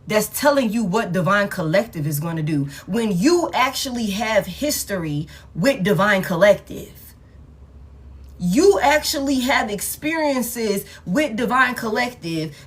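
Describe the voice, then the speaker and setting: A slightly high voice with a breathy edge belongs to a tarot reader giving a live collective reading. She comes across blunt and exasperated, cursing and repeating phrases to drive them home.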